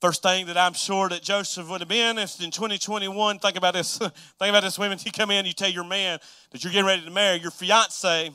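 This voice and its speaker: Preacher man, chatty sermon, bright high voice, dry sound. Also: steady tone, a little fast, clear, resonant tone, no room sound. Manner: chatty, laughing, acts out Bible figures.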